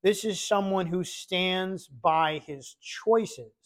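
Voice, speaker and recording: A man teaching a casual Bible study, talking conversationally, often pausing on fillers and repeating key words. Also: high voice, fairly bright tone.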